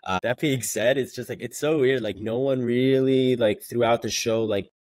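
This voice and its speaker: A man's voice: medium pitch, steady tone, moderate pace, darkish tone. A young man, a co-host, chatting casually and recapping a show with lots of fillers. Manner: loose, filler-heavy recap talk. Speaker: co-host, former contestant. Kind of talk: casual chat.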